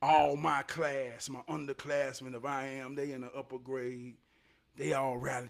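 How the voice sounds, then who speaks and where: A man in his forties telling a neighborhood story from his youth, animated, swinging from loud bursts down to a hush. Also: medium pitch, unhurried, gravelly. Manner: animated, loud bursts, drops to hushed tones. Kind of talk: casual storytelling vlog.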